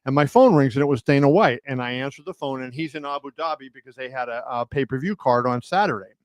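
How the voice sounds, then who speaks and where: On a home live video stream, a boxing journalist spins casual stories, stumbling through fillers and restarts and shouting out quotes in character. His voice is mid-range and fast, with no room sound.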